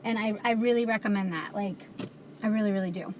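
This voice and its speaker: Earnest and chatty, a woman selling CBD on a casual livestream addresses viewers using lots of filler words. She speaks a little fast at a medium pitch with a steady tone, and a faint hiss or hum runs underneath.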